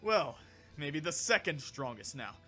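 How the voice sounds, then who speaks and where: A man voicing a calm, dry, teasing alien warrior in a fan audiobook reading, unhurried and mocking. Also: fairly high pitch, breathy edge, soft background music, heavily acted.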